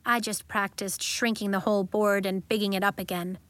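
A woman's voice: mid-range voice, fairly even intonation, brisk, a bit bright, no echo, natural voice. A woman reading the lines of a chatty schoolgirl who tells stories with gusto. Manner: chatty, giggly storyteller. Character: chatty schoolgirl who makes things big.

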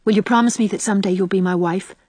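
A sincere young man who speaks quietly and steadily, read by a woman narrator in her own voice. He is earnest and holds back his feeling. The recording is dry and close. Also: medium pitch, steady tone, quick pace, dry recording, close to an everyday voice.

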